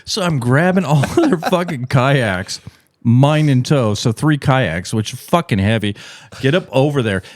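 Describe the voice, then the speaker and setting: A middle-aged man hosting a podcast, telling a profane, animated story in casual chat. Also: a little slow, no room sound, studio quality. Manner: profane, animated storyteller, voice jumps high and loud when acting out shouts. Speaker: podcast host.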